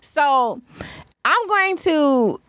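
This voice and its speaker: A woman in her thirties, a podcast co-host, telling a profane, animated story in casual chat and acting out the lines of the people in it. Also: high-pitched, drawn-out words, no echo, studio quality. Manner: profane, animated storyteller who acts out quotes. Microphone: studio microphone.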